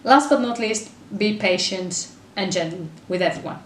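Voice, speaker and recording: A woman giving parenting advice straight to her camera, earnest and chatty, breaking off for quick asides. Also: medium pitch, slight background noise. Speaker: parenting vlogger and mother. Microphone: camera mic. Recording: echoey room, voice a bit far from camera.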